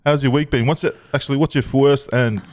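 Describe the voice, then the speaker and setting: A man's voice: medium pitch, fairly even intonation, fast talker, a little mellow. A man from Tonga co-hosting a casual podcast, joking and laughing often. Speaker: podcast co-host.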